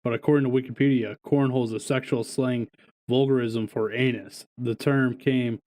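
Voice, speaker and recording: A man's voice: mid-range voice, fairly even intonation, normal speed, a little mellow. A man co-hosting a podcast, telling stories in casual chat, swearing often and laughing. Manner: profane, laughing storyteller. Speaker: podcast co-host.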